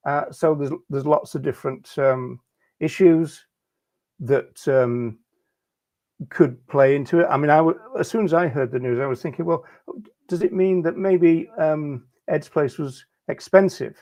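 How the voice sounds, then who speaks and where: A man with a slightly raised pitch, co-hosting a relaxed discussion. He talks in a measured way, pausing on "uh" and "um" while he thinks aloud. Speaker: podcast co-host. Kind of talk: casual discussion.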